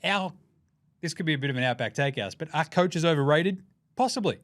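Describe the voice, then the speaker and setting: A man's voice: on the high side, a little fast, dry recording. A man with an Australian accent hosting a casual sports commentary show, jokey and full of swearing. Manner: profane, jokey, animated. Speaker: podcast host.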